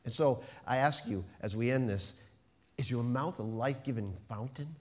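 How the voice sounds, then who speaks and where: A man preaching a sermon, stressing key words with slow, emphatic phrasing. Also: medium pitch. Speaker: pastor.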